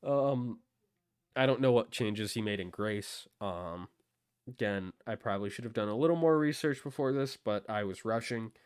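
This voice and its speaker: A man's voice: on the low side, moderate pace, clean tone, dry recording, studio quality. A man hosting a casual discussion, talking in a hesitant way with many ums. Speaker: host.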